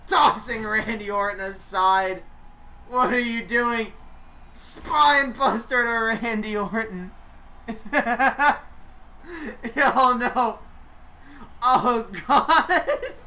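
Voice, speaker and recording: A woman giving excitable play-by-play commentary on a wrestling video game she is playing. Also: on the high side, extremely slow, pauses often, poor audio. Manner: excitable, reacting aloud. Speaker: gaming YouTuber.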